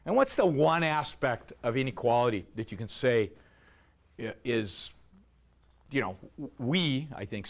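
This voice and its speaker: A man giving an argumentative lecture, emphatic and sarcastic, peppering his points with rhetorical questions and "right?". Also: high-pitched.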